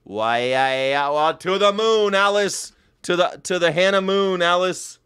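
A man hosting a casual livestream commentary, animated and swearing, with sudden loud outbursts. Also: sits high, a little slow, clean tone, no echo. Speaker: host.

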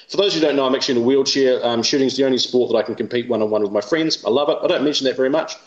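A man, speaking as an interview guest in animated, opinionated talk. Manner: rapid and animated, mimics others in high voices. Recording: roomy, dull lo-fi sound.

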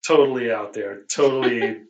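A man's voice: mid-range voice, moderate pace. A man co-hosting a podcast in casual chat, piling on sarcastic mock disbelief. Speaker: podcast co-host.

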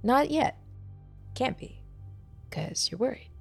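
A woman's voice: high voice, lively intonation, slow pace, gravelly, husky, soft background music, voice pushed up, heavily acted. A woman voicing a talkative, sly little old man who laughs to himself as he rambles. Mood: rambling.

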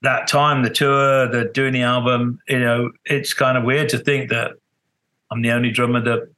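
A man's voice: mid-range voice, level tone, moderate pace, sharp tone, rough recording. Rambling middle-aged man telling stories. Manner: rambling storyteller, many restarts, acts out quotes. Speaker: guest musician. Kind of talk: casual interview chat.

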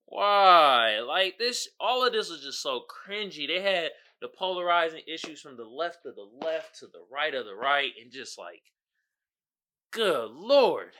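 A young adult man hosting a podcast, casually ranting about a movie in an animated, exasperated, slangy way. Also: a little high, a little slow. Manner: animated, exasperated, slangy with mocking put-on quotes. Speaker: podcast host reviewing a movie. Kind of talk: casual rant.

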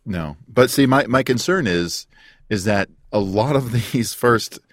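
A man's voice: medium pitch, expressive, unhurried. A man in a casual podcast chat, joking wryly and laughing at his own lines. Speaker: podcast co-host.

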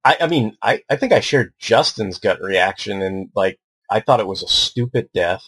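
A man's voice: lowish voice, moderate pace, a bit bright, slightly rough, no room sound. A man chatting casually on a podcast, rambling and stammering with lots of filler words and frequent swearing. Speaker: podcast co-host.

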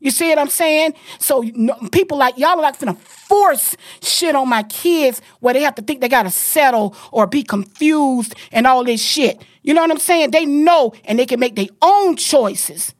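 A middle-aged woman from Florida hosts a podcast and rants in a furious, profane torrent. Her voice sits a bit high for a woman and sounds close and dry, with no room around it. She hammers every point home. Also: animated, normal speed, few pauses, no echo. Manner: angry, profane, emphatic ranting. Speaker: podcast host. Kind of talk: heated podcast rant.

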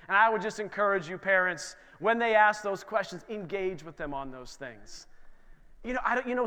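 A man in his thirties preaching a sermon in church, telling lively stories about his kids and acting out their voices. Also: high voice. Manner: animated storytelling, acts out his kids' voices. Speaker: pastor. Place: church sanctuary. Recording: long hall reverb.

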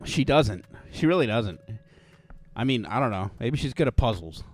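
A man's voice: mid-range voice, lively intonation, moderate pace, darkish tone. A man co-hosting a podcast, telling crude stories in casual chat, swearing freely and slipping into jokey voices. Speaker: podcast co-host. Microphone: studio mic with headphones.

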